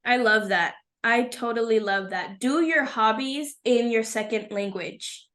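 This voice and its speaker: A woman co-hosting a casual talk about language learning, speaking in a warm, affirming, emphatic way. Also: a little high, unhurried. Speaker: co-host, Spanish and English teacher. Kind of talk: casual conversation.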